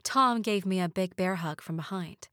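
A woman reading a first-person novel aloud with measured storytelling. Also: on the low side, a bit bright, dry recording, studio quality. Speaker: audiobook narrator.

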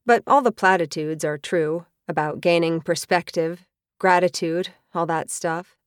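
A woman's voice: fairly low pitch, steady tone, measured pace, clear, resonant tone, no echo, clean studio sound. A woman reading a first-person audiobook in an earnest, reflective way, acting out the dialogue. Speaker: audiobook narrator.

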